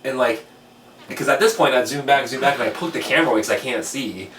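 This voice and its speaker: A man spins a rambling, profane ski story at an ordinary pitch, jumping into the voices of his own past reactions. He sits a little back from the mic in a roomy, echoing space. Faint noise hums under the talk. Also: fast, a bit bright, distant mic. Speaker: podcast host telling a story. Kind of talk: casual storytelling over beers.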